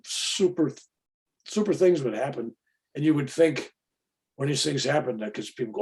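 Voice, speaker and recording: A man's voice: a little high, big pitch swings, a little fast, creaky, a little mellow. A man giving an informal, plainspoken spiritual talk, often acting out other people's voices. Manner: casual, plainspoken, acts out quoted voices. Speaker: spiritual teacher.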